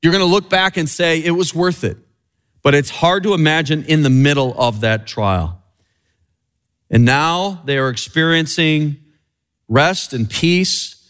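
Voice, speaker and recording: A man preaching a sermon in an earnest way, rising and falling in pitch and slowing down on key phrases. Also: a bit bright, clear, resonant tone. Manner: earnest, swinging high and low for emphasis, slowing on key phrases.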